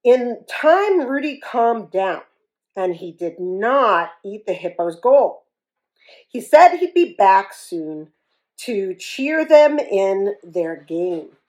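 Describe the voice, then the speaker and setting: A woman reading a children's story aloud in an expressive, animated way. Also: medium pitch, slow pace, poor audio.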